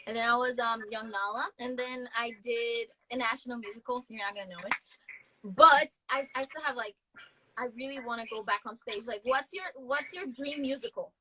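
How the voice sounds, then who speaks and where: A woman's voice: on the high side, moderate pace, bright, forceful tone, slight background noise, low-quality recording. A Brazilian woman with a Brazilian Portuguese accent, a native Portuguese speaker, hosting a casual interview in a friendly, playful way and sometimes searching for English words. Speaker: host.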